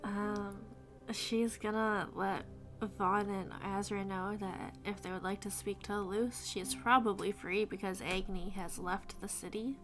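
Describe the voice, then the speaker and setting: A woman's voice: mid-range voice, steady tone, measured pace, fairly bright tone, soft background music. A woman playing a tabletop game, casually describing what her character does. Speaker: player.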